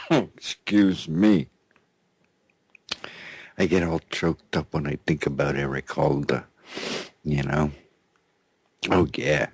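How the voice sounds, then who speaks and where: A man's voice: extremely low pitch, slow pace, creaky, pauses often, breathy edge, no room sound. A man hosting a live talk radio show, delivering sarcastic news commentary with frequent mocking laughs and repeated phrases. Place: radio studio.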